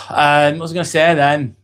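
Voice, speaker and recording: Laid-back East Lancashire man, higher voice. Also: flat delivery, normal speed, a bit bright, smooth. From Northwest England. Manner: laid-back, chummy, calls people "mate", swears freely. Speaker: livestream host. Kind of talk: casual live chat, reading viewer comments.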